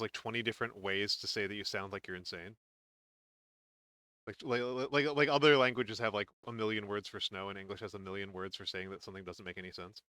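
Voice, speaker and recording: A man's voice: lowish voice, bright, forceful tone, no echo. A man hosting a casual painting stream, rambling with lots of fillers and restarts. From northern region. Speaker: streamer and host.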